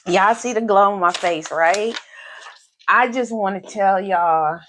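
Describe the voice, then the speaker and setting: A woman's voice: medium pitch, slow, a bit bright. A woman hosting a live podcast in casual chat, effusive and grateful, who repeats phrases for emphasis. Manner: grateful, faith-filled. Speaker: podcast host. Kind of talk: casual live-stream talk.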